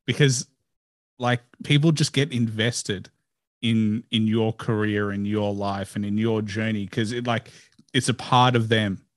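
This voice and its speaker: A man's voice: on the low side, fairly even intonation, a little slow, no room sound, clean studio sound. A man hosting a casual interview, easygoing and enthusiastic, with loose phrasing. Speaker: podcast host.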